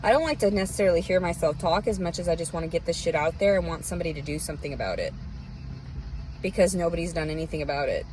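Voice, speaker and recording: A woman with a Southern accent vents in a bitter, rambling rant, cursing freely in a lowish voice. She talks outdoors, with faint passing cars audible behind her. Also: expressive, fast, darkish tone, slight background noise, low-quality recording. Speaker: vlogger. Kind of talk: unscripted personal rant.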